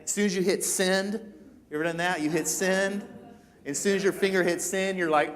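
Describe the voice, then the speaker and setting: A man preaching a sermon in a church, retelling a story and acting out the quoted lines with lively voices. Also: sits high, a little fast. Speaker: pastor.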